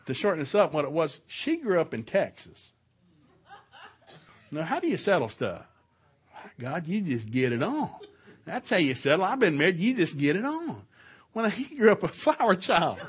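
Husky forceful middle-aged preacher man. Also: high voice, normal speed. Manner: animated storytelling, shouts out quoted lines, chuckles often. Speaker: marriage seminar speaker. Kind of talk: preaching seminar talk. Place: church hall, live session.

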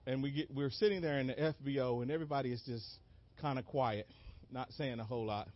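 A man preaching a sermon as an animated story, acting out moments with sudden shouted cries and laughing along. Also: mid-range voice, fast talker. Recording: dull lo-fi dry recording.

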